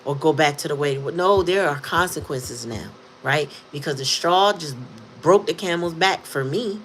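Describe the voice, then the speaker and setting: A blunt woman speaks to her viewers in a low voice, emphatic and full of swearing. A faint hiss of noise sits behind her. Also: expressive, normal speed. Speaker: tarot reader. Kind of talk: casual monologue to viewers.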